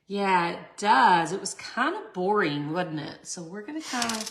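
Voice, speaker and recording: A woman's voice: mid-range voice, sing-song, normal speed, creaky, hardly any pauses, a little hiss or hum. A chatty middle-aged woman, hosting a casual craft tutorial and talking to her viewers. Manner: chatty, laughs often, talks to viewers. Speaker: resin art tutorial host.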